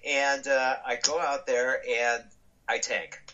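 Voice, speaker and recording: Bright-voiced man telling a lively story. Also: medium pitch, takes it slowly, muffled recording. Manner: animated, acts out quoted dialogue, frequent restarts. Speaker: guest speaker. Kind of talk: storytelling interview answers.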